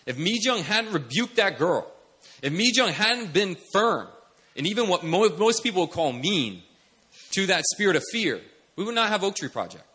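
Guy preaching a sermon, bright husky voice, gets loud and animated. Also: a little high. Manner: animated, swings from soft mimicry to loud commands. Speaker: pastor.

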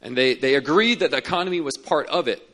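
A man's voice: fairly high pitch, quick pace, bright, forceful tone. A man preaching a sermon as a pastor, telling stories earnestly and repeating key words for emphasis. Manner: earnest storytelling with emphatic repetition.

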